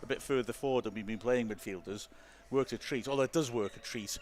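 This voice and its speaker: A chatty man hosts a live football Q&A, reading viewer comments and quick to poke fun at himself. There is a faint layer of background noise under his voice. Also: mid-range voice. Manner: chatty, self-deprecating, quick to laugh. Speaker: host reading viewer questions. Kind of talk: casual football chat.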